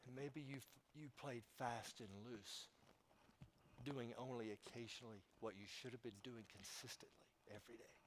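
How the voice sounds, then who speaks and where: A man pastor preaching a sermon in church, telling a story with emphatic swings in loudness and speaking straight to the congregation. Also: mid-range voice, fairly even intonation, moderate pace, a little hiss or hum, rough recording.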